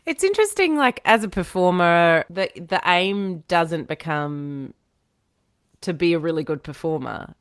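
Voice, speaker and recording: An Australian woman with a notably low voice hosts a casual podcast chat. Her voice is close and dry, with no room sound, and she murmurs along as she listens. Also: expressive, a little slow, no echo. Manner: warm listener, frequent affirming murmurs. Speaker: podcast host.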